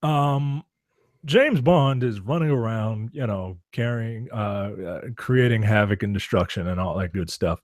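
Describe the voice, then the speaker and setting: A man's voice: lowish voice, measured pace, no echo. A man co-hosting a podcast, trading wry jokes in a casual film discussion. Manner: wry joking asides, dry delivery. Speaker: podcast co-host.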